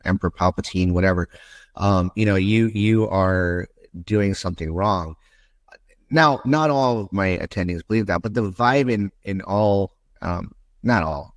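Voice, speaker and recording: A man's voice: sits low, dry recording. A man hosting a medical podcast, talking in a candid, rambling, conversational way. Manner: rambling, candid, with asides and restarts. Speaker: podcast host, interventional endoscopist.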